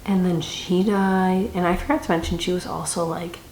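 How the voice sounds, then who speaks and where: Young woman rambling about a book she read, kinda low voice, echoey room w faint hum. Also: fairly even intonation, moderate pace, a little mellow. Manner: chatty, rambling, dramatic reactions. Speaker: book reviewer. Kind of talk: casual book review vlog.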